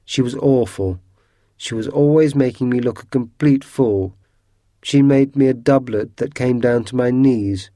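A man voicing a lonely, sulky old male ghost in a storybook reading, speaking in a low, quivery, grumbling way. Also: a little slow, warm tone, no echo, studio quality, natural voice. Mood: defensive. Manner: grumbling, self-pitying.

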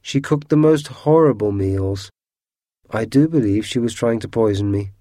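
A man's voice: normal speed, warm tone, dry recording, studio quality, close to an everyday voice. A man voicing Sir Simon, a sad old ghost. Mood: defensive. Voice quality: low and quivery. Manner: grumbling, self-pitying. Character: sad lonely old male ghost, sulky.

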